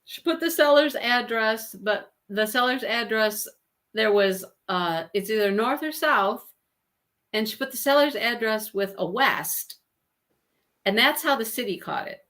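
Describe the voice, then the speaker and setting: A woman's voice: on the high side, animated, unhurried, fairly bright tone. A woman hosting a craft channel live stream, chatting casually and laughing often with exasperated asides.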